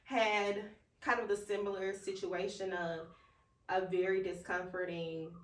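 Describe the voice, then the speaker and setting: A woman's voice: mid-range voice, flat delivery, measured pace. A woman co-hosting a podcast in casual, emphatic, slangy chat. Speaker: podcast co-host. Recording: roomy, distant from mic.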